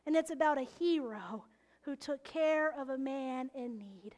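A woman preaching a sermon, expressive and often laughing, dropping into hushed whispers to stress a point. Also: high-pitched, unhurried.

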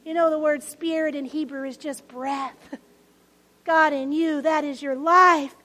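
Woman pastor preaching, storytelling with little laughs, really high voice, big echoey church hall. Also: unhurried. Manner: lively storytelling with laughs and dramatic hushed asides. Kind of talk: sermon.

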